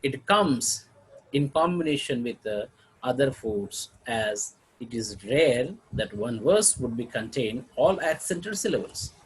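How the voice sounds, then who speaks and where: A man with an Indian English accent teaching a lesson on poetry, reading verse examples aloud and explaining them haltingly, often clearing his throat. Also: medium pitch, lively intonation, a little hiss or hum, poor audio. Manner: slow and halting, with frequent fillers and throat clearing. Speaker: literature teacher.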